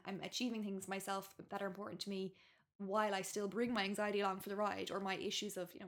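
This Irish woman in her thirties is a guest author on a podcast, and her mid-range voice has a slightly bright quality. She talks frankly and casually, peppering her speech with "like" and "you know."

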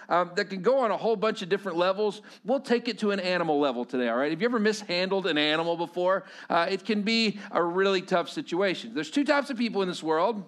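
Guy with a high voice giving a sermon, casual storytelling, keeps asking the crowd stuff. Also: a bit bright. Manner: conversational storytelling with asides to the congregation. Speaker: pastor.

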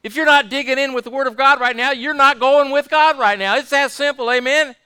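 A man's voice: extremely high pitch, fairly quick, pushed and bright, no room sound. A man preaching a fervent sermon, repeating his points and asking the congregation for amens. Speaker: pastor.

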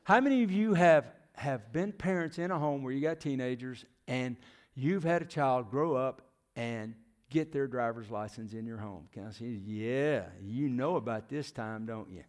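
Delivering a sermon at a moderate pace, a middle-aged preacher with a mid-range voice puts questions to his congregation and frequently sinks to a near whisper. He once served as a youth minister and missionary.

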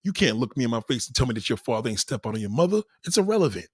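A man holds forth to his live-stream chat, blunt, crude and full of swagger. His voice has a husky grain and swings up and down with plenty of life. It sounds close and dry, with no room around it. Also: medium pitch, big pitch swings, racing, no echo. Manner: blunt, profane, boastful. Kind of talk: casual live-stream monologue.

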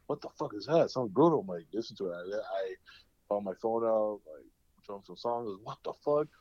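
A fairly low, animated male voice moves at a fairly quick clip, co-hosting a casual podcast. He rambles through profane stories, performing the quotes himself, on dry, dull-sounding audio.

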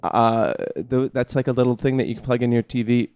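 A man's voice: mid-range voice, flat delivery, a little fast, a little mellow, clean tone, dry recording. A man co-hosting a casual chat podcast, rambling and joking with frequent swearing. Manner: rambling, swears freely, jokey. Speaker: podcast co-host.

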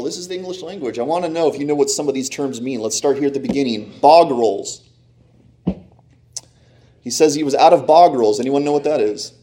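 A man's voice: on the high side, dark tone. Joking pastor quizzing his congregation. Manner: playful, asks the congregation questions and jokes. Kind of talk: sermon. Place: church in front of a congregation.

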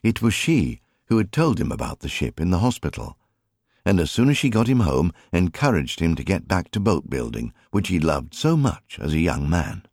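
A man reading a novel aloud as an audiobook narrator, with an expressive storytelling delivery in a recording studio. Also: low-pitched, normal speed, gravelly, breathy edge, dry recording. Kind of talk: scripted narration.

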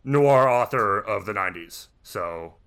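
A man's voice: fairly low pitch, expressive, measured pace, fairly bright tone, smooth. A man co-hosting a podcast, chatting casually with a rambling, profane manner and many restarts. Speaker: podcast co-host.

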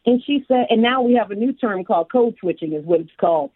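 Sex: woman. From: south side of Chicago. Role: podcast guest. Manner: lively storyteller who acts out others' voices. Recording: tinny, phone-like line, dry with no room sound. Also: a little high, fast talker, dry recording. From south side of Chicago, USA. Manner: animated, acts out the voices of people in her stories. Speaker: guest, human resources executive. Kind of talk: personal storytelling in an interview. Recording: phone-like narrow band, dry.

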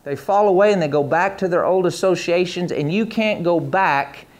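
A man's voice: sits high, normal speed. A man preaching a sermon with emphatic, rhythmic repetition.

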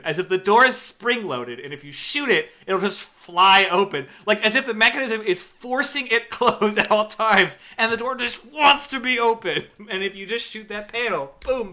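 High bright-voiced guy on a movie podcast, swears a lot, laughs mid-sentence. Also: moderate pace, hardly any pauses. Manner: animated, swears freely, laughs while talking. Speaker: podcast co-host. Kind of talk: casual movie-review chat.

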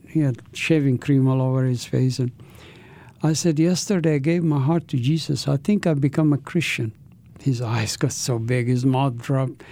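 A man's voice: on the high side, vocal fry, mellow. A man guest earnestly recounting his conversion story in an interview, often restarting his phrases. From Palestinian territories. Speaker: guest, author. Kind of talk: personal testimony in interview.

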